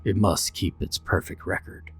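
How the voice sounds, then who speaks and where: A man voicing a grumpy, gruff older ranger boss on a radio in a horror story. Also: deep voice, steady tone, normal speed, soft background music, exaggerated voice.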